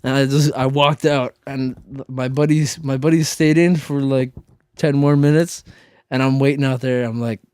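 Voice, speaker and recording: A man's voice: mid-range voice, steady tone, moderate pace, a little mellow, clear, resonant tone, no echo. Rambling man telling a story, dry sound. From Minnesota. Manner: rambling, lots of "like" fillers, self-interrupting. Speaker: podcast co-host. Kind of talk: casual storytelling chat.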